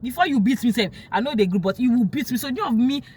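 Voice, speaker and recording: Animated Nigerian woman telling a story. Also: on the high side, very fast, slight background noise. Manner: emotional, animated, quotes others in sharp raised tones. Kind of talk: casual personal storytelling.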